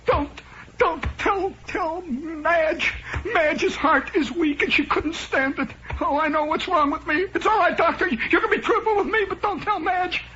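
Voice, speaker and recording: A panicky man whimpers and pleads in a high, quavering voice, stammering as he begs. Dull lo-fi radio sound with faint hiss. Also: a little slow, bright, forceful tone, heavily acted. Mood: pleading. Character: terrified, whimpering male TV patient.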